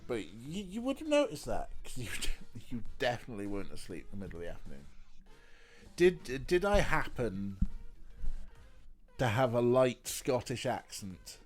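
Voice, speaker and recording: A man's voice: medium pitch, big pitch swings, normal speed. A man with a stuffy, snotty nose, chatting casually on a live stream, teasing and cooing at his pet between remarks to his chat.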